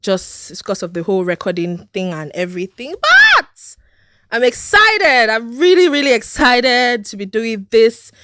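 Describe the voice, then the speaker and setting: Bubbly high-voiced Nigerian woman host. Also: unhurried, no echo, studio quality. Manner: bubbly, excitable, hyped up. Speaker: podcast host. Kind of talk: casual solo podcast chat.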